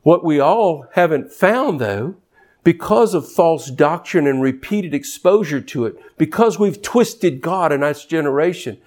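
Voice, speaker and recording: High-voiced impassioned male preacher. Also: expressive, unhurried, darkish tone. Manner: impassioned, swinging between low intensity and high rising emphasis; repeats words when building a point. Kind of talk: sermon.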